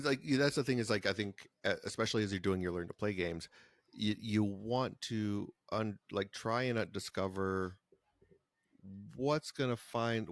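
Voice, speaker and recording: A man co-hosts a podcast in a fairly low voice, chatting casually and rambling with lots of restarts. The recording is studio quality with no echo.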